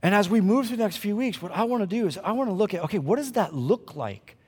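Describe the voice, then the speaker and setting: A male pastor preaching a conversational sermon at a church service, swinging between loud emphasis and quiet asides to the congregation. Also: high voice, animated, fast talker, husky, long reverb tail.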